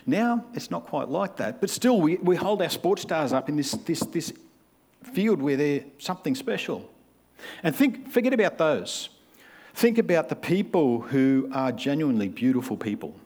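A man's voice: a little high, animated, moderate pace, a little mellow. A man, preaching a sermon in a conversational way and acting out the people he describes. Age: 50s. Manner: conversational, acts out quoted voices.

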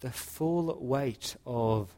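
Guy preaching in church, earnest and quiet, lots of pauses, average pitch. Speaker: pastor. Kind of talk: sermon.

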